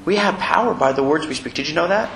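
A man preaching a sermon in a church, animated and chuckling as he acts out little quotes. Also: a little high, quick pace, creaky. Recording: echoey room with faint noise.

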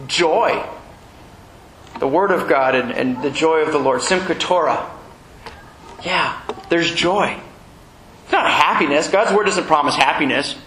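A man's voice: sits high, sharp tone. A man preaching as the rabbi of a Messianic congregation, conversational and joking, acting out little exchanges with his listeners. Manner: conversational preaching with jokes, asides and acted quotes. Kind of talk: sermon. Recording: echoey room with faint noise.

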